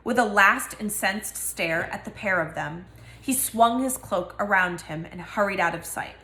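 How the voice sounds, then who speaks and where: A woman's voice: mid-range voice, a little slow, sharp tone, echoey room. A woman reading a novel aloud and giving each character a voice. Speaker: reader.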